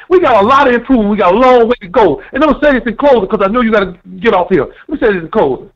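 Male caller, high voice, animated, preachy; muffled phone line. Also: rapid-fire, hardly any pauses. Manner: animated, preachy, addresses the fans. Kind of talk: casual phone call-in.

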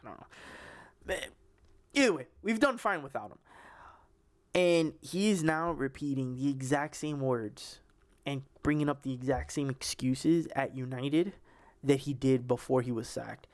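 A man's voice: medium pitch, measured pace. A young man hosting a casual sports podcast, rambling with many restarts and fillers. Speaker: podcast host.

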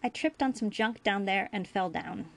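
A woman's voice: medium pitch, expressive, moderate pace, vocal fry. A woman voicing a worried, nervous teenage boy in a storybook reading. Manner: nervous, stammering.

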